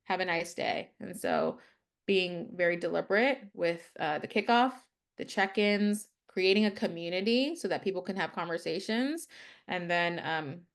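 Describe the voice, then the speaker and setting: Chatty low-voiced woman, filler-heavy. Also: normal speed. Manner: talkative, leans on "like" as a filler. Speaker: head of people, interview guest. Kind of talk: casual conversational interview.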